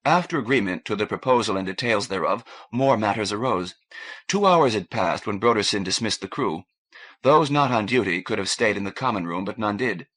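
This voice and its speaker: A man reading a science fiction novel as an audiobook narrator, measured and even. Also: lowish voice. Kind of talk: scripted narration.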